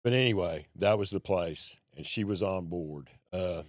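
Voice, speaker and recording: Low-voiced man telling his story. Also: normal speed, no room sound, studio quality. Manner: folksy, plain-spoken. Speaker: podcast guest. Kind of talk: personal storytelling in conversation.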